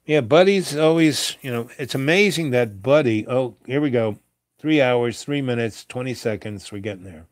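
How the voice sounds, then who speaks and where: A man hosting a show, telling a meandering late-night story with many fillers and soft chuckles. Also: mid-range voice, moderate pace, no room sound, clean studio sound. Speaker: host.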